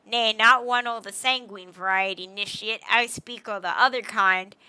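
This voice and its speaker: A woman voicing a grumpy old male sailor master who talks in salty, gruff sea-dog slang. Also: mid-range voice, fairly even intonation, moderate pace, sharp tone. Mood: grumbling.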